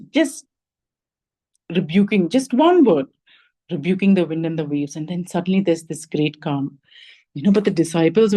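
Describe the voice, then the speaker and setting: A woman's voice: fairly low pitch, warm tone, rough recording. A woman giving a conversational sermon over a video call. She thinks aloud, says "like" and "you know" often, and asks her listeners reflective questions. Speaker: lay preacher giving the message.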